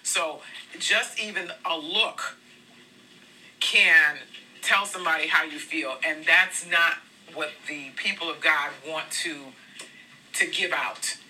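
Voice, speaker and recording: An earnest devotional speaker shares personal testimony in a relaxed, conversational style. The voice has a very bright, edged timbre at a moderate pitch. It is recorded a little back from the microphone. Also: takes it slowly. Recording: voice a bit far from the mic.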